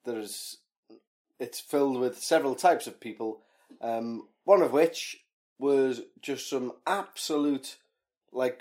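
A man's voice: medium pitch, darkish tone. A man co-hosting a podcast, chatting casually and joking through ranting tangents. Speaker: podcast co-host. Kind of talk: casual chat.

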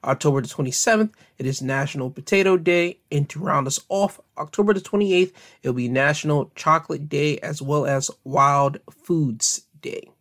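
A man's voice: a little high, moderate pace, few pauses. A man hosting his own podcast, talking casually and directly to his listeners, chatty and friendly, rambling a little and correcting himself as he goes. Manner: relaxed, rambling delivery with fillers and self-corrections. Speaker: podcast host. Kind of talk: casual solo podcast monologue.

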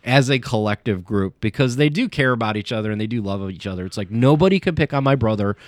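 A man's voice: fairly low pitch, expressive, fast talker, no echo, studio quality. A man chatting casually on a podcast, rambling with many fillers and restarts as he tells stories. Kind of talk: casual chat.

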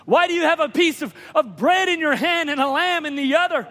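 A man's voice: extremely high pitch, lively intonation, fairly quick, a bit bright, pitched above the performer's own voice. A man voicing a young child in a sermon, insistently questioning their father. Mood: pleading. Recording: long reverb of a church hall.

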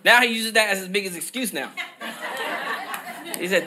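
A man preaching a sermon as pastor, with an emphatic, repetitive cadence that rises to shouted peaks on scripture. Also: high voice, normal speed, a crowd in the background, background noise.

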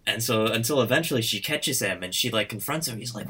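A low-pitched man with a bright, forward tone chats loosely through a story he made up. His talk rambles and fills with "like" as he slips into the characters' lines. Faint noise sits under the recording. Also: lively intonation, quick pace. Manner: rambling, full of "like" and quoted voices. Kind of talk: casual chat, retelling a story.

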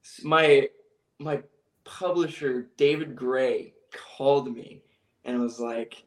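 A man in his twenties telling stories as a guest in an interview, animated and laughing often. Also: medium pitch, takes it slowly. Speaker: guest musician. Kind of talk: casual interview storytelling. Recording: echoey room.

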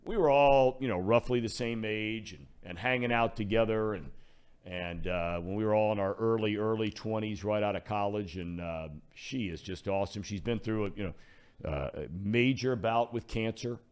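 A man in his sixties hosting a radio sports show, chatting casually and warmly with a guest. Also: fairly low pitch, normal speed, clean tone.

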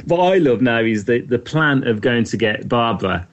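A man's voice: mid-range voice, expressive, moderate pace, highs cut off, a little hiss or hum. An Englishman hosting a casual podcast about films, chatty, laughing often and repeating words as he goes. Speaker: podcast host. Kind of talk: casual film discussion.

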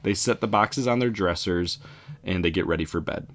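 A man casually retelling a spooky story in an animated way. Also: low voice, normal speed. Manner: casual, animated, laughs along.

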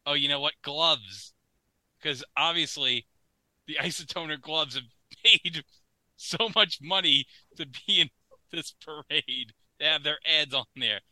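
Bright, dry-voiced joking man. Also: a little high, measured pace, no echo, low-quality recording. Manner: jokey, puts on silly announcer voices. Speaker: podcast co-host. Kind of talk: casual comedic commentary.

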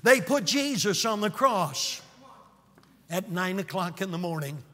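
A man preaching a dramatic revival sermon, swinging from hushed low passages to booming, shouted peaks. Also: very animated, unhurried. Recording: long hall reverb.

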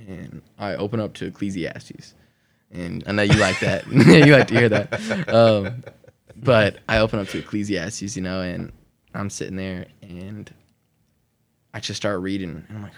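Man, low voice, from Oklahoma, podcast guest, rambling storytelling, laughs between sentences. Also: moderate pace, vocal fry. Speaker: guest sharing his testimony.

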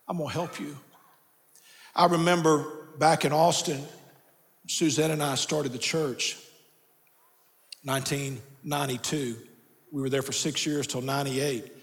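An older man preaching in a large church with a long, ringing reverb. His voice sits a bit high for a man, and he swings from hushed, gentle lines to shouted emphasis, repeating key phrases. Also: steady tone, a little slow, long pauses. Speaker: pastor. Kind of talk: sermon.

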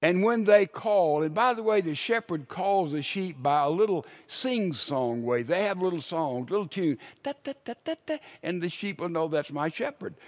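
A man preaching a sermon, telling stories and dropping from loud emphasis to a hushed voice. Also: high-pitched. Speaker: pastor.

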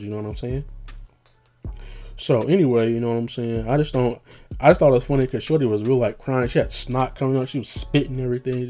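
A man's voice: mid-range voice, dark tone. Rambling young man, casual slangy monologue.

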